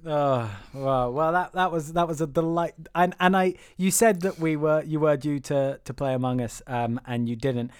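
A man's voice: on the high side, normal speed, few pauses, clear, resonant tone. A man hosting a podcast in casual chat, teasing his co-host and breaking into laughter. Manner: laughing, stammering restarts, teasing.

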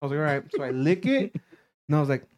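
Animated, profane young-sounding man. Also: a little high, quick pace. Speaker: storyteller. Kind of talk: casual chat.

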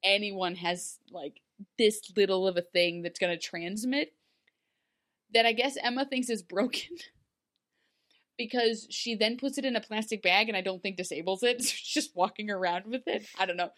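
A woman co-hosting a podcast in casual chat, talking in an animated way with lots of "like"s and quick asides. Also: mid-range voice. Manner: chatty, animated, many fillers, laughs while talking. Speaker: podcast co-host.

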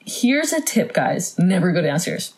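A woman co-hosting a casual podcast chat, animated, laughing often and acting out quotes. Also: fairly low pitch, a little slow, rough recording. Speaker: podcast co-host.

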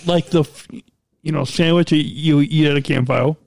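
Guy co-hosting a podcast, jokey and teasing, highish voice, dry close sound. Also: steady tone, moderate pace, vocal fry, darkish tone, no room sound. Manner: teasing, interrupting, playful. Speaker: podcast co-host. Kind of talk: casual chat. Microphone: studio mic.

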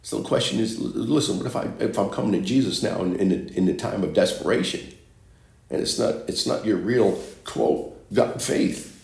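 A man's voice: lowish voice, normal speed, vocal fry, darkish tone. A man preaching a sermon, reading scripture and repeating phrases for emphasis. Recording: echoey room.

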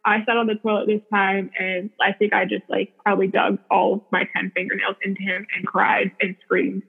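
A woman's voice: mid-range voice, flat delivery, a little fast, creaky, husky. A woman telling a personal story in casual chat, full of "like" fillers and frequent laughs. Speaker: podcast guest. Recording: tinny phone-like line.

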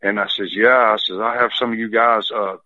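A man's voice: on the low side, fairly even intonation, fairly quick, sharp tone, no room sound. A man, a former wrestler telling rambling stories full of fillers and restarts. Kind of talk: storytelling in casual chat. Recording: tinny phone line.

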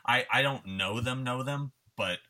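A man casually telling profane, animated anecdotes as a podcast guest. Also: medium pitch, unhurried. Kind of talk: casual storytelling.

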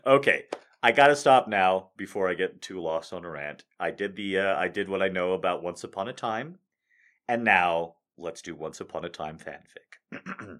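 A man's voice: sits low, moderate pace, a bit bright. A man hosting a comic video, rambling and swearing a lot as he rants and then reads fanfic aloud. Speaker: comedic video host. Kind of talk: comic rant and fanfic reading.

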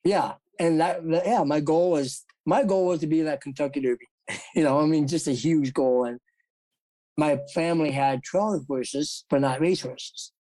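Slightly high and mellow, this man's voice moves at a moderate pace as he rambles through his past as a jockey from South Dakota. He laughs frequently during the interview and performs quoted voices, captured on a poor recording with no echo.

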